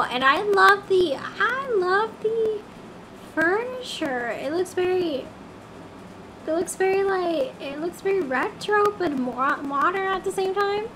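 A woman's voice: very high-pitched, noisy background. A woman chatting casually on a game livestream, easily flustered and singing snatches of songs.

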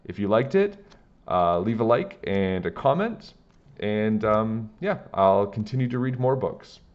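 A man with a low voice reads a children's book aloud in plain, steady storytelling. His pitch moves in lively swings. The recording sounds dull and lo-fi. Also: measured pace.

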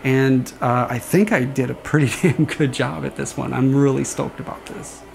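Gravelly-voiced man rambling casually. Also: medium pitch, normal speed, slight background noise. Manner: relaxed, rambling, imitates swing sounds with his voice. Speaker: saber sound font designer. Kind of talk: casual explanatory demo talk.

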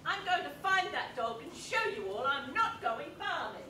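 A woman on stage playing a flighty, excitable posh lady of the manor, heard from far off in an echoey theatre. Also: high-pitched, normal speed, noisy background. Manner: excitable, shrieking, dramatic. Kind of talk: amateur stage acting.

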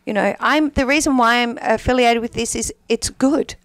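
An Australian woman chatting casually on a talk show, upbeat and talkative as she pitches her business services. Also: normal speed, fairly bright tone, dry recording. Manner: chatty, upbeat, self-promoting. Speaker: payroll services guest.

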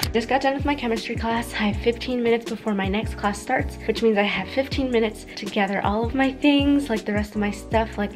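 Chatty young woman vlogging, music behind. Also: fairly high pitch. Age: young adult. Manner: chatty, says "like" often, sighs "whew". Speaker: college student vlogger. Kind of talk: casual vlog talk to camera.

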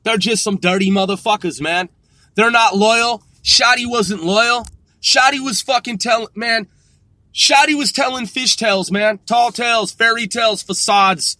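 High bright husky guy ranting, cussing a lot, dry close sound. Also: a little slow, no room sound. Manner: profane, scornful. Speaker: commentary vlogger. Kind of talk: ranting commentary.

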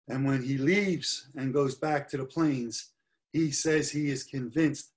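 Middle-aged male lecturer, slightly high voice, earnest history talk over slides. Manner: earnest, stresses key points with repetition. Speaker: history presenter.

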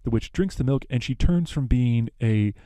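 A man's voice: mid-range voice, expressive, normal speed, mellow, no room sound. Young man, podcast host, casual retelling, rambling, dry close sound. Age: young adult. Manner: rambling, with many fillers and self-corrections.

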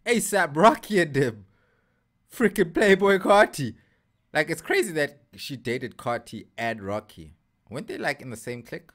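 A man rambling excitedly in casual chat while reacting to a video. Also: a little high, normal speed. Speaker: co-host reacting.

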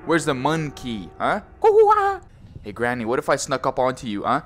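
A man's voice: mid-range voice, moderate pace, fairly bright tone, soft background music. A young man commenting on a horror VR game, joking, swearing and teasing, often saying bro. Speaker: gaming YouTuber.

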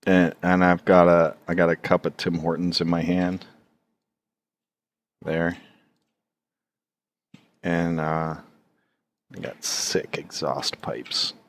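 Slow, deep-voiced man rambling while drawing. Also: little pitch movement. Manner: rambling, profane, halting with many fillers. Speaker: streamer drawing on stream. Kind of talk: casual running commentary while drawing.

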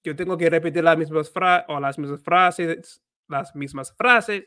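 A man's voice: a little high, normal speed, bright, forceful tone. A man hosting a casual livestream about learning, rambling and thinking aloud as he talks. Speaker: livestream host and Spanish learner.

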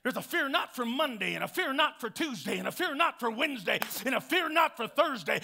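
A man preaching with a high, bright, ringing voice. He works the congregation in call-and-response, dropping to near whispers and then building up to full shouts. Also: animated, fairly quick, gravelly, hardly any pauses. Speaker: pastor. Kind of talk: sermon.

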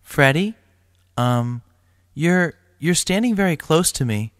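A nervous teenage girl with a high, hesitant voice that falters as she speaks. A man puts her on. The sound is dry and close. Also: expressive, slow pace, no room sound, big-room sound. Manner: timid, hesitant.

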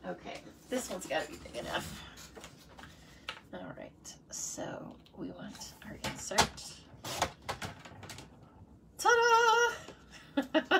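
Chatty woman demonstrating cards, slow pace. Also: on the low side, very animated, gravelly, very noisy. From United States. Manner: chatty, playful, talks to herself and viewers. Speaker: card-making demonstrator. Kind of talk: casual live crafting tutorial.

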